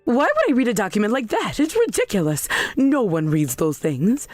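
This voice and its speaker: A woman voicing a self-righteous middle-aged mother in a scripted drama, shrill, demanding and defensive. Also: sing-song, moderate pace, a little mellow, no echo, soft background music. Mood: outraged.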